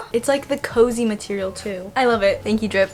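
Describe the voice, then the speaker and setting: A woman's voice: mid-range voice, moderate pace, a little hiss or hum. A woman vlogging her day in casual chat, with lots of "like" fillers and giggles, filmed on a handheld camera at home. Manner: chatty, many "like" fillers, giggly. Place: home, then in a car.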